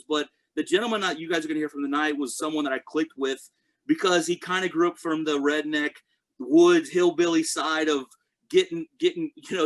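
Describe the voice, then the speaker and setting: A man in his thirties, a network marketing speaker, introduces a guest with an earnest motivational talk. His voice is a little high for a man and somewhat bright, and he speaks directly and personally, often checking that listeners are following him.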